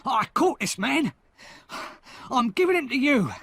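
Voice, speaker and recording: A man reading an audiobook, voicing a hard, defiant escaped convict who talks loudly and forcefully. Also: sits high, lively intonation, unhurried, no room sound, pitched above the performer's own voice, full character voice. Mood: shouting. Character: fierce hard old male escaped convict.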